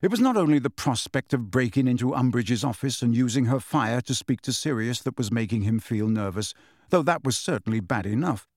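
A man reading a novel aloud in measured, even audiobook narration. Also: mid-range voice, dry recording, studio quality.

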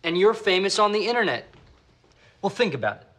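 A smooth, pushy fight manager with a bright, forceful voice. He sells every idea like a promoter, his pitch rising and falling with enthusiasm. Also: very animated, fairly quick. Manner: salesy, persuasive. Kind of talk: sitcom acting.

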